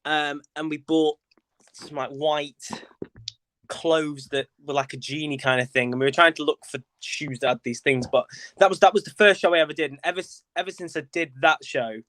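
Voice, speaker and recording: On the high side and bright, this man's voice carries a forceful tone and fairly even intonation at a normal speed, with no echo. He's a young Lancashire-born actor and theatre director, a guest on a casual podcast, recounting his route into theatre with playful camp asides and plenty of fillers.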